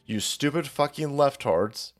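A man's voice: medium pitch, expressive, unhurried, soft background music. Profane, sarcastic ranting male commentator. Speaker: commentary channel host.

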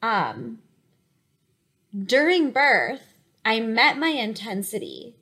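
Young woman cohost chatting super open and emotional, kinda high voice, lots of likes. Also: huge pitch swings, pushed and bright, husky. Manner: open, emotional, talks in quick bursts with frequent likes and you-knows. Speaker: podcast co-host. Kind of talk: casual chat.

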